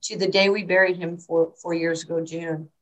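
An older woman tells stories in an interview, acting out what people said. Her voice sits a little low for a woman. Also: moderate pace, rough recording. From New York. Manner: animated storyteller, acts out quotes. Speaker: basketball coach. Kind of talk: storytelling interview.

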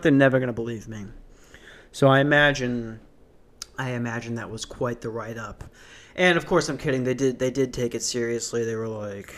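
A man's voice: mid-range voice, a little fast, a bit bright. A young man hosting a solo podcast from his small apartment, rambling and joking as he acts out other people's voices. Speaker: podcast host. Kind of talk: casual solo podcast monologue. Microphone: podcast microphone.

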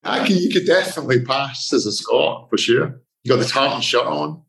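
A Scottish man being interviewed as a guest on a podcast, talking in a relaxed, self-deprecating way. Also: medium pitch, fairly quick, creaky, a little hiss or hum. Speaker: guest, investor. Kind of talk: casual interview talk.

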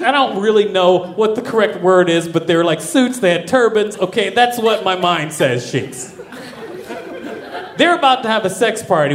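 A young man doing stand-up, telling a wild story with lots of profanity and animated delivery. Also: high voice. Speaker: stand-up comedian.

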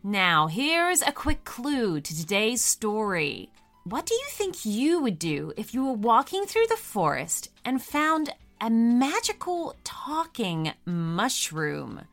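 A woman narrating a bedtime story for children, talking slowly with a very lively, sing-song pitch. Her voice is bright and upfront. Faint music sits under her. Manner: warm, animated, addresses kids directly.

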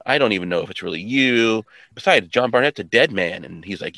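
A man with a fairly low voice chats through a TV episode recap, rambling and piling on fillers while quoting characters offhand. The sound is dry and close, with no room around it. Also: brisk, few pauses, sharp tone, no echo. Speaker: podcast co-host. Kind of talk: casual episode recap chat.

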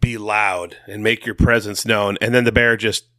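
A man's voice: fairly low pitch, level tone, normal speed, bright, forceful tone, no room sound, studio quality. A man co-hosting a casual podcast, talking in a laid-back way and telling stories with playful asides. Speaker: podcast co-host.

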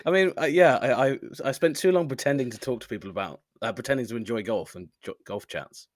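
A man with a mid-range voice co-hosting a podcast, quick with pedantic jokes. He talks in easy casual chat. The recording is dry and close. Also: mid-range voice, dry recording. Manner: pedantic, joking. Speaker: podcast co-host.

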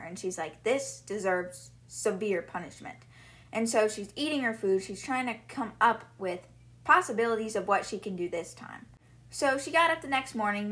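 A woman's voice: mid-range voice, fairly bright tone. A young woman hosting a podcast, retelling book chapters in a chatty, casual way full of "like" fillers. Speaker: podcast host.

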